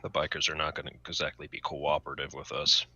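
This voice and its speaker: A man with a low voice and a sharply bright, forceful edge talks through a tabletop role-play in character. He explains things in a measured way. His voice comes through a dull, dry online mic. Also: monotone, husky, no room sound.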